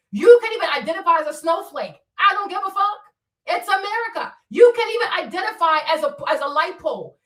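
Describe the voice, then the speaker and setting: A woman's voice: extremely high pitch, fairly bright tone, distant mic. A woman from Africa hosting a livestream, talking bluntly with swearing and laughter while she answers her chat. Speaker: streamer. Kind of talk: livestream commentary.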